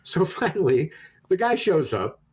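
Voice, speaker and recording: A man's voice: high-pitched, very animated, a little slow, darkish tone, slightly rough. Guy on a podcast telling a long story, chatty, restarts a lot, acts out the back and forth. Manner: rambling anecdote with many restarts, acts out quoted exchanges. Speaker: podcast co-host. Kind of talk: casual chat, storytelling.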